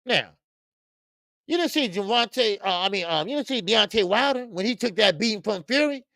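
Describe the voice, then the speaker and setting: A man hosting a boxing talk stream, speaking casually and loudly, cursing freely, repeating himself and reading viewer comments aloud. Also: high-pitched, normal speed, no room sound, clean studio sound. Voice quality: loud, animated, profane, repeats himself. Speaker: boxing show host.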